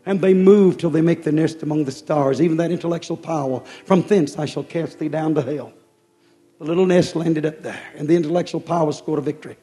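A man preaching a fervent sermon in a rhythmic style, often dropping suddenly soft. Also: on the high side, brisk, faint music behind.

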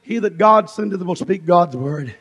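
A man preaching a fiery revival sermon in a strikingly high, gravelly voice, hammering out repeated phrases in shouted bursts. His voice rings through a church hall with a long, reverberant tail. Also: lively intonation, normal speed, lo-fi sound. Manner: shouting, rhythmic repetition, rising and falling in bursts.

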